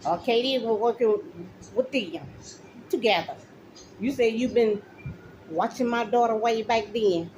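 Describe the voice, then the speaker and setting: A woman's voice: on the high side, measured pace, noisy background. Accusing, indignant middle-aged woman. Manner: accusing, repeats her points, addresses officials directly. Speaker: mother speaking out. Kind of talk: angry direct-to-camera rant.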